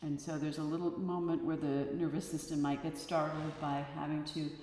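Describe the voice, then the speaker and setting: A woman yoga teacher leading a guided breathing class, giving calm, soothing instructions and counting the breaths. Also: deep voice, normal speed, a little hiss or hum. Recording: echoey hall with long reverb. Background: soft instrument tones.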